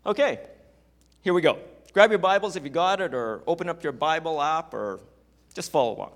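High-voiced man preaching a sermon. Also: lively intonation, fairly quick. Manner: explanatory, conversational preaching with asides. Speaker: pastor. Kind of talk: sermon, Bible teaching.

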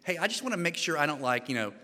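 Bright-voiced American preacher in echoey hall. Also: male voice, a little high, very fast. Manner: conversational, animated, frequent restarts and repeated words. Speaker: guest preacher. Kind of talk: sermon. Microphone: microphone. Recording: long hall reverb.

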